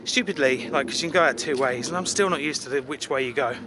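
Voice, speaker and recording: Out in a city with background noise, an English travel vlogger rambles casually, teasing himself and using lots of fillers. He's a fast talker with a medium-pitched voice.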